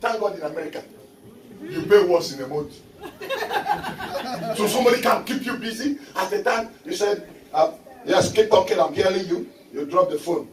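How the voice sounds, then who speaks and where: Animated preaching man. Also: sits high, moderate pace, noisy background. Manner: animated, often breaks into shouts. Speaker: visiting pastor. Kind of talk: sermon with humorous storytelling. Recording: echoey church hall, mic at a distance. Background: congregation responding.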